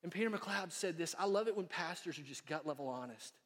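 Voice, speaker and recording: A man preaching a sermon as pastor in a church sanctuary, folksy and storytelling, growing quiet and earnest. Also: on the high side, expressive, brisk. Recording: long reverb of a church hall.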